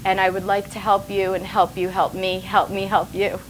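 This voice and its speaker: A woman's voice: medium pitch, little pitch movement, normal speed, background noise. A woman in her forties, a talk show guest, speaking earnestly while tearful and emotional. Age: 40s. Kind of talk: casual interview.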